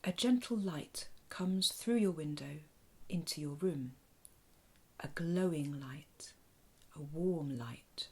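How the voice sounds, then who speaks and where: Soft-spoken woman telling a children's story. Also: low voice, slow pace, slightly rough. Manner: soft, hushed, often half-whispered delivery. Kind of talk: guided imagination story narration.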